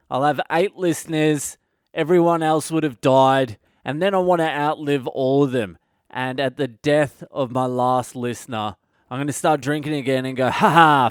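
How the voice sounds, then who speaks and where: A man's voice: medium pitch, dry recording, clean studio sound. An Australian man, a comedian hosting his own podcast, delivering a crude, swearing comedic rant. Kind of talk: comedic monologue.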